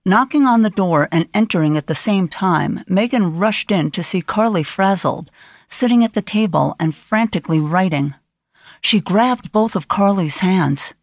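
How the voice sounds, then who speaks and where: A woman narrating an audiobook in a measured, grave storytelling manner. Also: mid-range voice, animated, dry recording, clean studio sound. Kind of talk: scripted narration.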